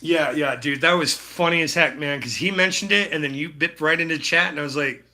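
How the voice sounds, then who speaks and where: A man's voice: fairly high pitch, a little fast, bright, forceful tone. A man chatting casually with his live-stream chat while he paints, laid-back and full of slang. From Utah. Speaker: livestreaming painter.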